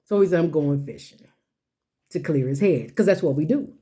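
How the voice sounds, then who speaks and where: A woman delivering a motivational sermon, her voice mellow and a little low. She drives points home with rhetorical questions and repetition, in folksy everyday phrasing. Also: expressive, quick pace. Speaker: speaker. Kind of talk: motivational sermon-style talk.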